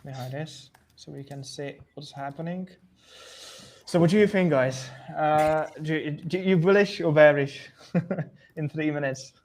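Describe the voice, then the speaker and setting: A man's voice: fairly high pitch, a little slow, darkish tone, slight background noise. A man co-hosting a live trading stream, talking casually with loose grammar, frequent repeats and restarts. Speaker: trading analyst co-host.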